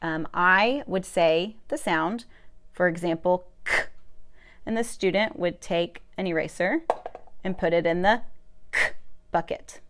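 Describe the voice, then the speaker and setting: A woman's voice: on the low side, measured pace, noisy background. A young adult woman, a speech therapist, explaining a classroom activity step by step in an upbeat, chatty way with some fillers. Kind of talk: instructional video demonstration.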